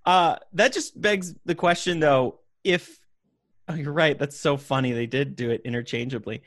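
A man's voice: a little high, moderate pace, no room sound. A man co-hosting a podcast, chatting casually and laughing often as he reviews a product. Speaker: podcast co-host.

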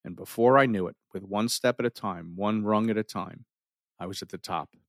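A middle-aged man telling a personal story in an animated way, full of restarts and dramatic pauses. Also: on the low side, no room sound, clean studio sound.

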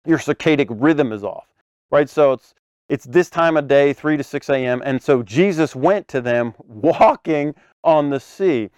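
Animated, laughing preacher man. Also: fairly high pitch, unhurried, clear, resonant tone, no room sound. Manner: animated, acts out scenes with sudden loud bursts; laughs often between phrases. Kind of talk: conversational sermon.

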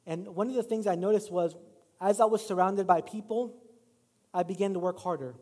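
A middle-aged man preaching to his church in a high, light voice. He tells loose, self-deprecating stories, then builds into emphatic exhortation. His voice rings out with a long hall reverb. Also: brisk, dark tone, husky. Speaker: pastor. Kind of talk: sermon. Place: church sanctuary.

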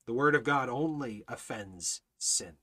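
A man teaching a Bible study in a fiery preaching style, hammering his points with repeated phrases and rising to near shouts. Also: medium pitch, expressive, a little slow.

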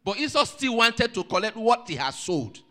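A male pastor preaching a sermon, telling a story with lively energy and putting questions to the congregation. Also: very high-pitched, moderate pace.

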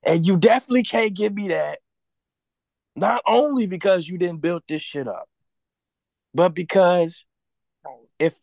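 Male podcast co-host, slightly high gravelly voice, blunt profane ranter, dry close mic. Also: measured pace, pauses often, darkish tone, dry recording. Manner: blunt, profane, heated ranting. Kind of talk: casual chat.

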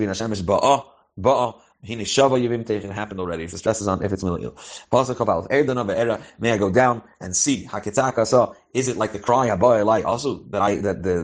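A man teaching a religious text line by line, each phrase with a pronunciation and then translating and explaining it. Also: on the low side. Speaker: Torah teacher. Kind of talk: line-by-line text study, mixing Hebrew and English.

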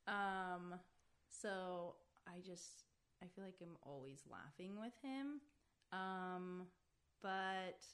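A young woman, a podcast guest, talking casually and often pausing with "like" and "um". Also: lowish voice. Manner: chatty, full of "like" and "um". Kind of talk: casual chat.

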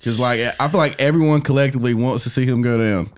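A man co-hosting a podcast, chatting loosely with lots of swearing. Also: medium pitch. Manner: loose and fast, swearing, says dude a lot. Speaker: podcast co-host. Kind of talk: casual podcast chat.

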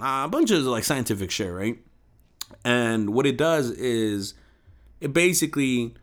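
A young man casually retelling a film in a rant, swearing often, using slang and mimicking the people in it. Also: medium pitch.

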